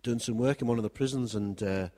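A man's voice: mid-range voice, quick pace, dark tone. A male preacher with a mid-range voice, speaking in a wry, conversational tone and building his points through repetition. His voice carries a long reverb tail from a large hall. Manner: wry and conversational, with repeated phrases. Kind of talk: sermon.

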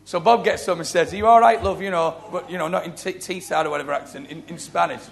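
A middle-aged man delivers a sermon as a storyteller, his voice gravelly and pitched a little high for a man. He acts out the people in his stories as he goes. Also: fast talker. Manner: storytelling, animated, acting out quoted voices. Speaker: preacher. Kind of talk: sermon with testimony.

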